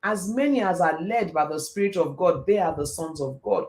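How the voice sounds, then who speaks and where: Hosting a live stream, a middle-aged man gives a fast, animated faith talk meant to motivate, weaving in stories. His voice sits a little high.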